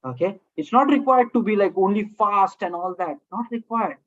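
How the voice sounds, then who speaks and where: A woman's voice: medium pitch, animated, normal speed, lo-fi sound. A woman with an Indian English accent teaching communication skills. She speaks in short phrases, often checks in with "okay?", and slips Hindi words into her English. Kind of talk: classroom lecture.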